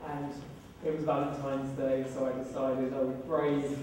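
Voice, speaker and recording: A man's voice: mid-range voice, little pitch movement, normal speed, darkish tone, a little hiss or hum. A man in his thirties with a British accent, telling a comic personal story on stage to a live audience in a wry, self-deprecating way. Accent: British English. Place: event room with live audience. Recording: very echoey room, voice from far off.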